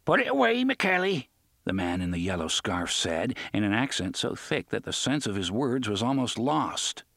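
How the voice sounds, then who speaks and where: A man narrating an audiobook in an expressive, measured storytelling manner. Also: lowish voice, no echo, studio quality. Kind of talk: scripted narration.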